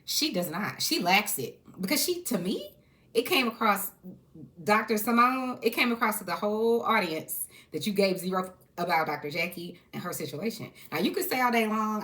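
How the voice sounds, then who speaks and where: A woman's voice: medium pitch, brisk. Woman, reality-TV recap host, casual and outspoken, sassy delivery, mid-range voice. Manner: candid, sassy, animated asides with laughs. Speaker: reality TV commentator. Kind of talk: casual reaction commentary.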